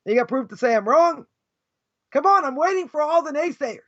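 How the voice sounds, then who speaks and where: Rabbi guy ranting in a lesson, super high voice, sarcastic, dry muffled audio. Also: animated, dry recording. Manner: loud, passionate, sarcastic, quick mock voices for others. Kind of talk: fiery lesson. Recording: dull, dry close recording.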